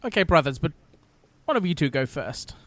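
A man playing a tabletop role-playing game speaks in a somewhat high voice. His pitch moves a lot as he asks eager, slightly nervous questions. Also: very animated, fairly quick, a bit bright, no room sound. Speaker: player.

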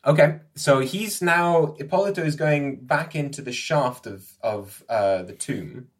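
A man narrating as game master of a tabletop game, halting with frequent fillers. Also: medium pitch. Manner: hesitant, with fillers and restarts.

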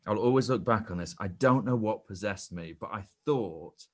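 Deep-voiced young man telling anecdotes. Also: moderate pace. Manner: self-deprecating storyteller with frequent restarts. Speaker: podcast guest, actor. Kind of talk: casual podcast chat, anecdote.

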